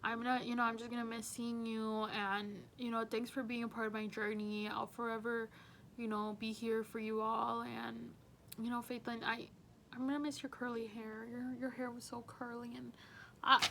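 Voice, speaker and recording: A woman in her twenties, working as a teaching assistant, says goodbye in a casual, friendly message full of "you know" and "like." Her voice is on the high side and creaky, with a level tone and moderate pace. Slight background noise is audible.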